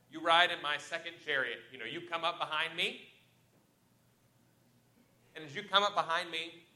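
A man preaches in a church, his voice sitting a little high and ringing sharp and forceful. He tells stories with dramatic jumps in loudness, and the hall gives everything a roomy echo. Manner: animated storytelling with sharp swings in loudness. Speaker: pastor. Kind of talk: sermon. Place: church sanctuary.

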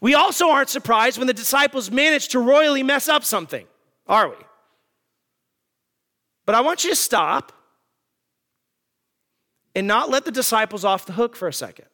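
Very high-voiced, emphatic male preacher. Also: expressive, moderate pace, long pauses, bright, forceful tone, big-room sound. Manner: emphatic, asks the congregation rhetorical questions. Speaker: pastor. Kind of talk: sermon.

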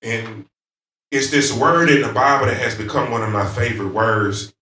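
A man's voice: mid-range voice, steady tone. Southern man preaching in an echoey church. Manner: starts soft and halting with many "um"s, builds to loud, fervent preaching. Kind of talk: sermon. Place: church sanctuary. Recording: echoey church sanctuary, mic at a distance.

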